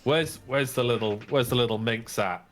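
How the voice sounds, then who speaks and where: A man voicing a boisterous, jolly male dwarf who greets old friends with loud, hearty warmth. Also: moderate pace, soft background music, lightly acted. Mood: jovial teasing. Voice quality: loud hearty voice, high put-on pitch.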